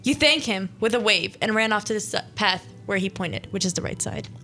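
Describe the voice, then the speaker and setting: A woman's voice: medium pitch, animated, brisk, pushed and bright. A young woman hosting a casual radio show, chattily reading out an interactive scary story and breaking off to comment. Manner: chatty, self-interrupting, reads the story aloud.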